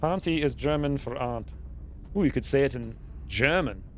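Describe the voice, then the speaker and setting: A man's voice: medium pitch, animated, normal speed, soft background music. Rambling, playful male game streamer. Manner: rambling, playful, thinks aloud. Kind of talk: casual gaming commentary.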